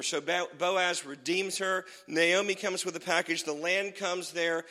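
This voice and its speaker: A male pastor preaching a sermon, retelling scripture in an animated way that swings from loud to hushed. His voice is fairly high for a man and bright and forceful. The sound rings with the long reverb of a church hall. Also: a little slow.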